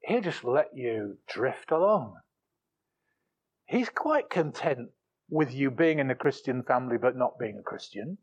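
A man preaching a sermon, emphatic, swinging between forceful peaks and low asides, often repeating words as he restarts phrases. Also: sing-song, measured pace, slightly rough, dull audio.

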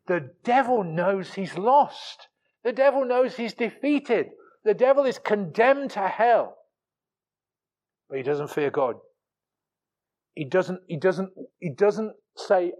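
A man preaching a sermon, emphatic, swinging between forceful peaks and low asides, often repeating words as he restarts phrases. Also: expressive, takes it slowly.

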